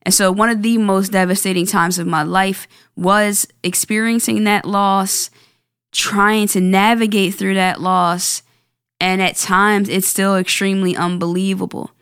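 A woman in her twenties hosting a solo podcast, talking earnestly and reflectively, with halting restarts and repeated words. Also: medium pitch, little pitch movement, a bit bright, smooth, no echo, clean studio sound. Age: 20s. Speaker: podcast host.

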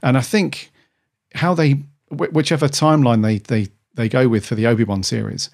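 A man's voice: mid-range voice, steady tone, normal speed, creaky, a little mellow. A man co-hosting a podcast, chatting casually and rambling with restarts. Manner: rambling, with many restarts and "dude". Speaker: podcast co-host. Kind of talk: casual chat.

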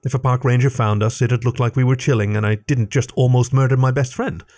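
A man narrating a first-person story in a steady, measured reading voice. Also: mid-range voice. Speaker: story reader.

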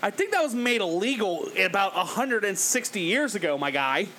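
Sarcastic bright-voiced podcast host. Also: male voice, sits high, sing-song, moderate pace, a little hiss or hum. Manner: sarcastic, profane, joking. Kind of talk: casual reaction commentary.

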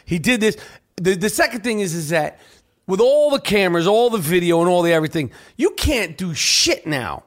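A man's voice: sits high, sing-song, moderate pace. A man hosting a podcast, rambling and swearing in casual chat and reading an ad. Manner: profane, rambling, loud. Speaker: podcast host.

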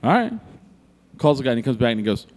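A man's voice: mid-range voice, very animated, fast, darkish tone. A man telling a long story in casual chat, cursing freely and acting out both sides of a conversation. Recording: long echoey reverb.

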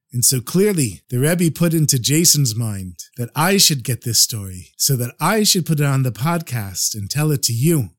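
A man narrating a story podcast with an affectionate, intimate manner toward his listeners. His voice sits at an ordinary middle pitch, steady and unforced. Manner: affectionate, addresses listeners as friends.

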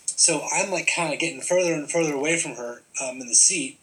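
A man's voice: a little high, brisk, fairly bright tone, rough recording. A man telling a personal story in a casual, rambling way, full of fillers and restarts. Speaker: guest telling his story.

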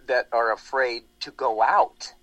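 A man's voice: medium pitch, a little slow, fairly bright tone, dry recording, poor audio. A man hosting a talk show, rambling animatedly with lots of restarts in casual political chat. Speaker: radio show host.

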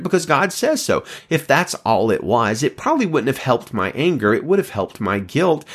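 Animated male preacher with lively pitch. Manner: animated preaching with emphatic rises; storytelling, quoting another preacher. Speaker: pastor. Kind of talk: sermon.

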